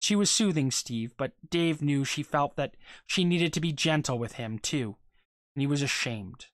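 A reader telling a short story aloud in a steady voice, with small stumbles and repeated words. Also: medium pitch, measured pace, no echo, clean studio sound.

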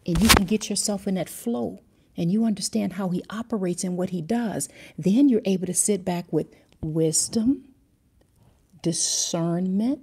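A woman's voice: medium pitch, darkish tone, breathy edge. A middle-aged woman giving a livestreamed devotional talk, telling a personal story earnestly and drifting off before circling back to her point. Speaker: Christian teacher and mentor. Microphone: livestream camera mic.

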